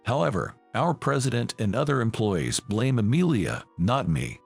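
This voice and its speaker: A man tells a first-person story in a scripted, measured way. His voice has a gravelly texture and a mid-range pitch that moves expressively up and down. Soft music plays faintly underneath. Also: very animated. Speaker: narrator.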